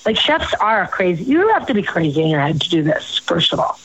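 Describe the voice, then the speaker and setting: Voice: mid-range voice, big pitch swings, fairly quick, a bit bright, slightly rough, lo-fi sound. A host rambling through profane personal stories in a casual chat.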